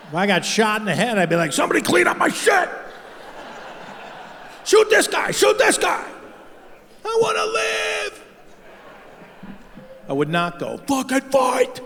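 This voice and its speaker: On stage at a large comedy venue, a middle-aged man with a voice on the high side performs a crude, profane stand-up set, mocking and punching up every line for a live audience. The live stage mix carries hall reverb and slight background noise.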